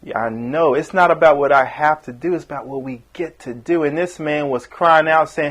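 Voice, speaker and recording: Guy preaching a sermon, fired up, kinda high voice, goes big then drops quiet. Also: moderate pace, few pauses. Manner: impassioned, rising and falling emphasis with acted-out quotes.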